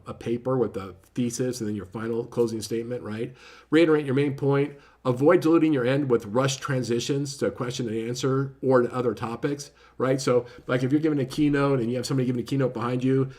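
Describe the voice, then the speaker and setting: A man talks through a book review in a loose, conversational way, restarting phrases and checking in with his listeners. His voice sits at an ordinary middle pitch and often drops quiet, and he moves along at a quick clip. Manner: informal, self-correcting, lots of "right?" tags; says he often speaks too quietly and too fast. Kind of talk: casual spoken book review.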